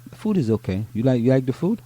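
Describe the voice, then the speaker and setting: A man's voice: mid-range voice, big pitch swings, warm tone, slightly rough. A man, co-hosting a talk show, reading out local news and joking with his co-host. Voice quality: joking, teasing, halting restarts.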